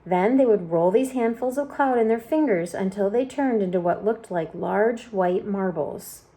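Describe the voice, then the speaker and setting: A woman reads a children's book aloud in an expressive storytelling way. Her voice is warm and mellow, at a middle pitch. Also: moderate pace. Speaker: storybook reader.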